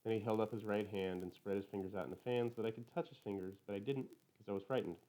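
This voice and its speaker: A man reading a first-person novel aloud in a plain, literal, even manner. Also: on the low side, very fast, poor audio. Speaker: audiobook reader.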